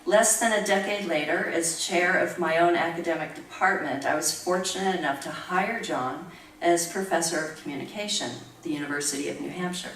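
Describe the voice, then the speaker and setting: Brief: woman in her 60s, low voice, measured academic reader, picked up from across a roomy room. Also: fairly bright tone, slight background noise. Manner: measured, reflective reading, chuckling during anecdotes. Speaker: professor giving a tribute talk. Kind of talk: reading a prepared academic talk with personal asides. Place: university lecture room. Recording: roomy room recorded from far off.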